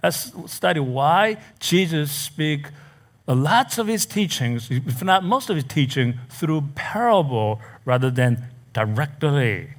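A man preaching a sermon in a church, reading scripture and explaining it slowly and deliberately. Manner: slow, deliberate preaching with lively pitch swings. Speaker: pastor. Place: church in America.

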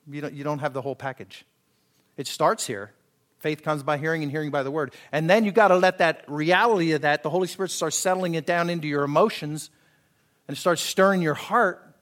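With a higher, somewhat bright voice, a man pastor gives a chatty sermon, performing the voices of the people he quotes and asking the listeners if they're with him.

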